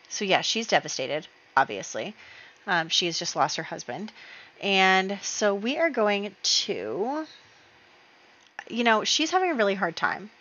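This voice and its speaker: A woman's voice: lowish voice, fairly bright tone, lo-fi sound. A woman hosting a let's play, chatting casually as she narrates her game moves with fillers and small laughs.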